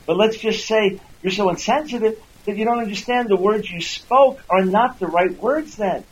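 A high-voiced radio host and Christian apologist talks at a moderate pace on poor audio with slight hiss or hum. He earnestly teaches listeners, building each point through repeated words and acting out quoted speech in a raised voice.

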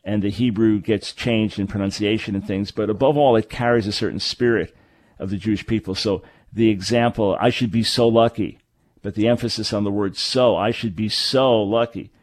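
A man's voice: on the low side, steady tone, fairly quick, darkish tone. A man hosting a radio talk show, explaining points in an emphatic way and correcting himself as he goes. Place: radio studio. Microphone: studio microphone.

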